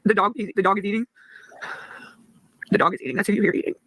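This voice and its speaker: Fast, angry, cursing livestreamer voice. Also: medium pitch, fairly bright tone, no echo, rough recording. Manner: angry and profane, snapping at chat comments. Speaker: livestreamer asking for donations. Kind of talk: live stream talk to chat.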